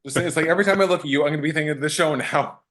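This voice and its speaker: A man, an actor being interviewed, telling fan encounters in a casual, animated way, acting out quotes and restarting sentences. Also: on the high side, racing.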